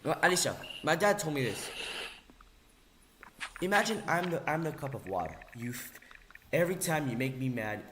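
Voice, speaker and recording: Male vlogger, heated and sarcastic rant, slightly high voice that swings widely in pitch, faint background noise. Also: animated, moderate pace, pauses often. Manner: repeats phrases for emphasis. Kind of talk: angry ranting monologue.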